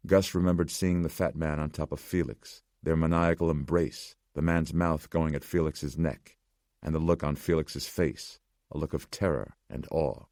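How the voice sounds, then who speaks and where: Man reading in an extremely deep voice. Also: steady tone, normal speed, darkish tone, no echo, clean studio sound. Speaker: audiobook narrator. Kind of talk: scripted narration.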